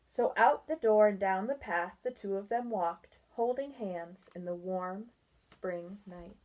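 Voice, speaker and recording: A woman reading a children's picture book aloud, softly and expressively, with sing-song sound effects. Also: medium pitch, a little slow, hardly any pauses. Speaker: children's reader.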